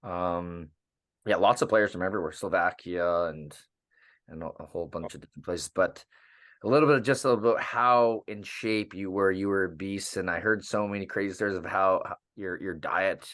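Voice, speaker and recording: A man's voice: deep voice, normal speed. A man, a hockey coach co-hosting, reminiscing in rambling casual chat. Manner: rambling, warm recollection with fillers. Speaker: hockey skills coach and co-host.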